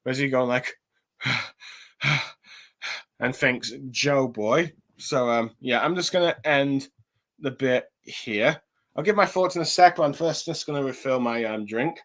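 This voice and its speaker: A man's voice: mid-range voice, measured pace, a bit bright. Rambling man recapping with many ums. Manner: rambling, lots of ums and self-corrections. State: a little tired. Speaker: chapter reviewer. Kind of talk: casual recap and review.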